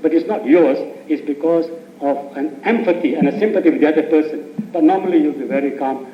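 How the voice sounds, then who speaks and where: A man's voice: fairly high pitch, a little fast, slight background noise. A man teaching meditation in an informal spiritual talk, telling stories and often breaking into laughter. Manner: anecdotal, laughs often, answers questions from the audience. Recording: dull echoey 1980s tape recording.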